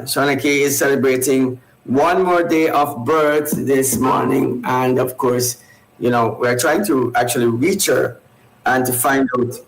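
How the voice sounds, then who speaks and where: Halting man co-hosting radio, echoey. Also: medium pitch, a little hiss or hum. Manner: halting, repeats words, laughs easily. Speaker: radio show co-host. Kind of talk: casual radio talk show chat.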